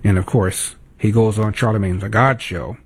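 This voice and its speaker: A man's voice: on the low side, steady tone, moderate pace, gravelly, breathy edge. A man hosting a talk show, delivering indignant political commentary with emphatic repetition. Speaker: talk radio host.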